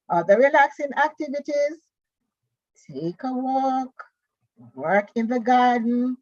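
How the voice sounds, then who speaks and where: Slow, husky woman teaching Bible study. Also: a little high, darkish tone, no room sound, highs cut off. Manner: slow, careful reading of scripture and worksheet questions.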